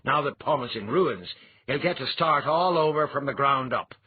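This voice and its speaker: A man voicing a blunt, hearty clan chief with a husky voice. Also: mid-range voice, animated, normal speed, pitched above the performer's own voice. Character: gruff blunt clan chief, reformed drinker. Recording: dull lo-fi audiobook recording.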